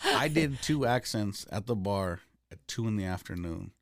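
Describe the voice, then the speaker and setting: A man's voice: lowish voice, lively intonation, moderate pace, dry recording, clean studio sound. Blunt, profane man telling stories. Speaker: comedian guest. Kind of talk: candid podcast conversation. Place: recording studio.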